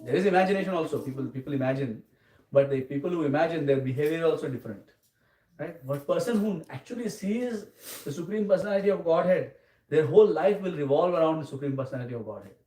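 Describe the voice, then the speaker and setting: Male lecturer, mellow and fairly high voice, teaching a scripture class, recorded from a distance. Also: expressive, quick pace. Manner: often checks in with the audience with "Huh?" and "Okay?". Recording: roomy, distant mic, faint noise.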